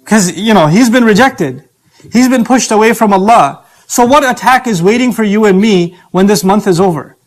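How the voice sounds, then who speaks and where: A man's voice: high-pitched, lively intonation, normal speed, faint music behind. A man preaching a sermon in a conversational, emphatic way, with chatty asides.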